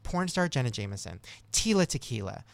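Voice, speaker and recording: A male podcast host recapping reality TV gossip in animated, chatty storytelling. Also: mid-range voice, a little fast, vocal fry, no echo. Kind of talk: casual chat.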